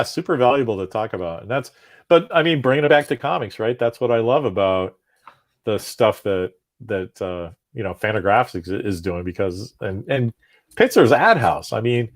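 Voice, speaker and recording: A man's voice: mid-range voice, normal speed. A man as a guest in a casual comics chat, talking at length and animatedly, often tagging "right?" onto his points. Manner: talkative, animated, tags "right?". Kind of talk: casual conversation.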